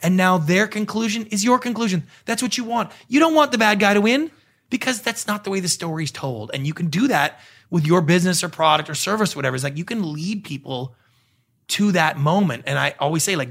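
A middle-aged man with a fairly high speaking voice talks through his ideas in a relaxed interview. He keeps slipping into quick acted-out quotes of other people as he tells his stories. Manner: animated storyteller acting out quoted voices. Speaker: guest, TV producer and pitch coach. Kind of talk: conversational interview.

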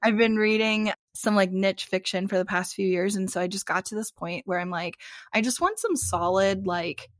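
A woman's voice: medium pitch, moderate pace, no room sound, clean studio sound. A woman co-hosting a podcast, chatting casually and filling her talk with lots of "like" fillers. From Arizona transplant. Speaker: podcast co-host. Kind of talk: casual chat.

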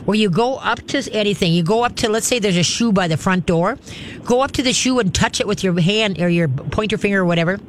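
A woman hosting a call-in pet advice radio show, giving direct, animated advice. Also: mid-range voice, quick pace, slight background noise. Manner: direct, animated, acts out cheerful praise voices.

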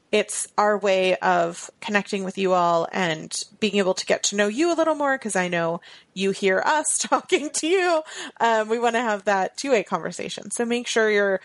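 A woman's voice: mid-range voice, no echo. A woman co-hosting a podcast in casual chat, talkative and laughing often. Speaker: podcast co-host.

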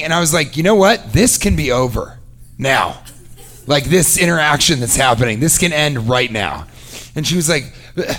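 A man telling a comic story, sarcastic and animated, acting out both sides of a conversation. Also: on the high side, gravelly. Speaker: comedian. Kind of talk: comedic storytelling.

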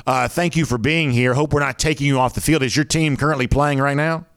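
A man's voice: mid-range voice, fairly even intonation, fairly quick, fairly bright tone, dry recording, studio quality. A man with a Southern American drawl hosting a sports talk show, chatting casually with many fillers.

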